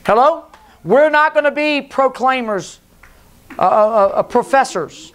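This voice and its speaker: A man's voice: expressive, unhurried, slight background noise. Male pastor, fiery revival preacher, middle-aged, big swings in volume. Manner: preachy, swings between loud and low, mocks voices. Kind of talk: Pentecostal sermon. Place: church sanctuary.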